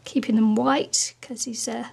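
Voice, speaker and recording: A woman's voice: fairly high pitch, steady tone, a little slow, vocal fry, a little mellow, breathy edge. A woman chatting casually through a crafting tutorial, laughing often as she works, and losing her voice. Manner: chatty, giggly, talks while working. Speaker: crafting vlogger.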